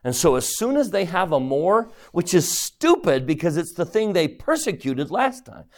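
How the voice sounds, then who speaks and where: A man teaching a scripture lesson, animated and emphatic, asking rhetorical questions and reading a picture book aloud. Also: high voice, moderate pace. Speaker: religious teacher.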